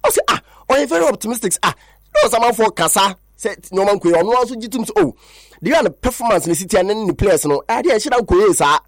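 Guy reading sports news on radio, quick and high, dry close sound. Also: sing-song, no echo.

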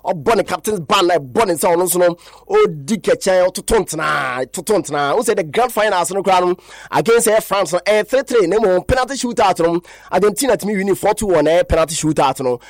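High-voiced Ghanaian radio sports host. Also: male voice, fairly quick, dry recording, studio quality. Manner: rambling, switches languages, lists names. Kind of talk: sports talk radio chat.

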